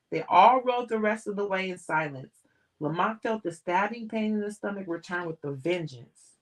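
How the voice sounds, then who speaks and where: A woman reading a novel aloud on a livestream, steady and plain, sometimes restarting a word. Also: lowish voice, normal speed. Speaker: audiobook reader.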